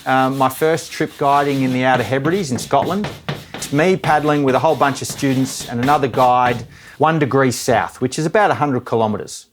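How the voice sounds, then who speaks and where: A man's voice: mid-range voice, moderate pace, music in the background. A man in his thirties chatting casually and reflectively as a vlogger, rambling and self-mocking. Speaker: filmmaker and vlogger.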